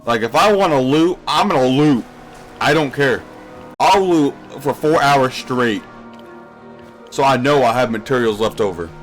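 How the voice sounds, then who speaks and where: A man's voice: mid-range voice, measured pace, soft background music. A young man streaming a game live, rambling casually and answering questions from his chat as he plays.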